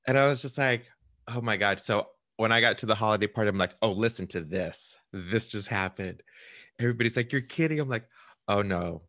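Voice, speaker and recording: A man's voice: fairly low pitch, fairly quick, fairly bright tone, no echo, clean studio sound. A man, a realtor, telling a client a story in casual chat, acting out the voices of people on the phone. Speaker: realtor hosting a client interview.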